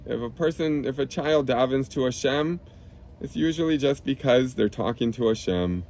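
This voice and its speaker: A man reading a children's book aloud outdoors on a clip-on mic, gently explaining each term simply for kids. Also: medium pitch, normal speed, a little hiss or hum. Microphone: clip-on lapel mic.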